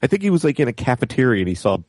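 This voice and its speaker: A man's voice: medium pitch, sing-song, very fast, a little mellow. A man on a casual board game podcast, teasing his co-hosts with dry remarks. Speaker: podcast guest co-host.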